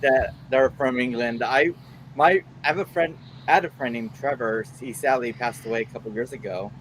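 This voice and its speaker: A man's voice: mid-range voice, fairly quick, a little hiss or hum, rough recording. A young man chatting casually on a late-night stream, rambling with many restarts and fillers. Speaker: stream co-host. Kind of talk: casual chat.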